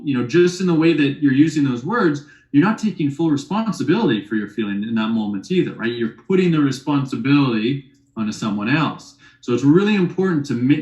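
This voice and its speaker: A man leading a relationship workshop, talking casually and teasing his audience with rhetorical questions. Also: on the high side. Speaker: workshop teacher. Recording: echoey room.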